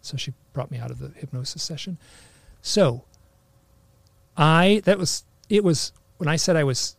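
A man's voice: fairly high pitch, lively intonation, a little slow, creaky, no echo. A man telling a personal story in casual conversation, rambling with lots of "like" fillers and restarts. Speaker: interview guest.

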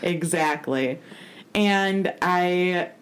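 A woman's voice: lowish voice, very slow, clean tone. A young woman hosting a podcast, chatting casually and recapping an episode, rambling and laughing often. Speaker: podcast host.

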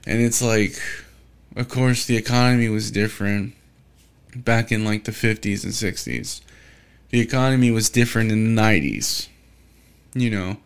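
A man's voice: on the low side, normal speed, gravelly, long pauses, smooth. A young man talking casually on his solo podcast, rambling in a frustrated, profane way and often restarting his sentences.

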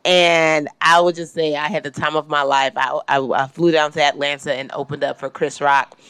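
Laughing woman podcast host, smooth voice. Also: deep voice, moderate pace, dry recording. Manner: laughing, animated storytelling. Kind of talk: casual chat.

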